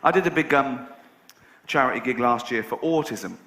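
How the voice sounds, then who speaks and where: A man performing a stand-up comedy routine to a live audience, with a sarcastic, deadpan delivery broken by loud outbursts. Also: medium pitch, moderate pace. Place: large venue with audience. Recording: echoey live venue, audience noise. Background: audience laughter.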